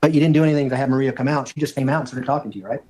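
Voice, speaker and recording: A man questions a witness in a courtroom at a rapid clip. He keeps pressing with short, pointed follow-ups, and his voice sits at an ordinary middle pitch. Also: a little mellow. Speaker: prosecutor. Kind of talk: courtroom cross-examination.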